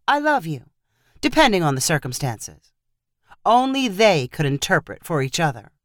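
Expressive woman reading a story aloud. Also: on the low side, dry recording, studio quality. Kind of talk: storybook narration.

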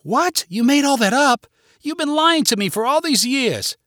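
A man voicing a loud, pushy, jealous middle-aged wife who talks insistently and indignantly. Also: high-pitched, sing-song, a little fast, no echo, clean studio sound, pitched above the performer's own voice, exaggerated voice.

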